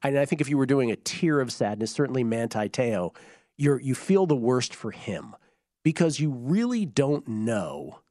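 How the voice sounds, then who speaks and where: Man, hoarse voice, casual sports chat co-host, mid pitch, dry sound. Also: big pitch swings, moderate pace, mellow, no room sound. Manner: conversational, self-interrupting, explains background. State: hoarse, voice giving out. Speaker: podcast co-host.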